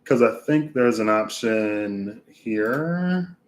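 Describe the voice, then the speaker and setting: A man reading oracle cards aloud in a casual way, with unhurried, musing asides to himself between passages. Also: on the low side, expressive. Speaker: oracle card reader.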